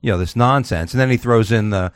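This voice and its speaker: Fast-talking, profane male podcast host. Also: on the low side, dry recording, clean studio sound. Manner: profane, rambling, animated storytelling. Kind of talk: casual chat.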